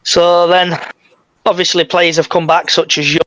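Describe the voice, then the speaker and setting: A man's voice: a little high, level tone, normal speed, a bit bright, dry recording, rough recording. Guy hosting a footy podcast, blunt, swears a bit, dead dry close sound. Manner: leads the talk, blunt, swears casually. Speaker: podcast host. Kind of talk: casual football chat.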